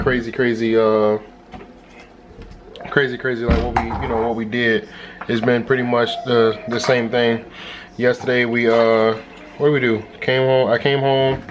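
A man's voice: mid-range voice, a little hiss or hum. A young man recapping his day in a casual home vlog, rambling with lots of ums and restarts. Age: young adult. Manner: rambling, many fillers and restarts. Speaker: vlogger, husband and father. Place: at home indoors. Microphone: handheld camera.

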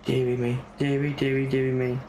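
A man's voice: medium pitch, completely flat delivery, brisk, mellow, echoey room, a little hiss or hum. A man with an English accent giving casual gameplay commentary, grumbling and exasperated as he talks. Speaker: gaming channel host.

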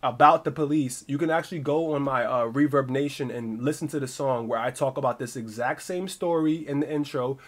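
A man telling a story casually on a livestream, animated and profane, rambling with many restarts. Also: mid-range voice, a little fast, few pauses. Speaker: streamer.

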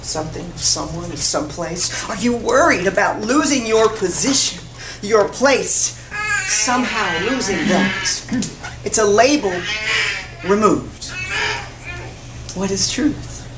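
A woman's voice: mid-range voice, animated, unhurried. A woman preacher giving a sermon, driving it home with repeated rhetorical questions. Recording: echoey hall from far off, noisy.

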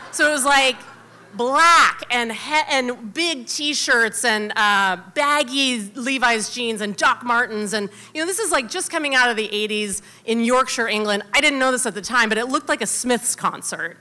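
An American woman telling a personal story live on stage, chatty and animated, with many fillers. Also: on the high side. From United States.

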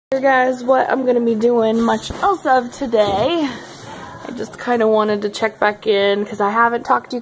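A young woman chatting casually in a home vlog, giggly and full of fillers, filmed on a handheld phone indoors. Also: fairly high pitch. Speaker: vlogger. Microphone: handheld phone camera.

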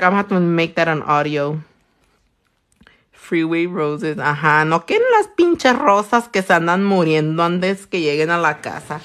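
A woman, a nail technician chatting loudly and crudely on a livestream while she works, teasing and laughing a lot. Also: lowish voice, normal speed. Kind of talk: casual livestream chat while doing nails. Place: her own room.

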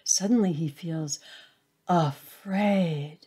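A woman reading her own short story aloud, with a soft, hushed storytelling manner. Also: lowish voice, drawn-out words, breathy edge. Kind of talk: storytelling narration.

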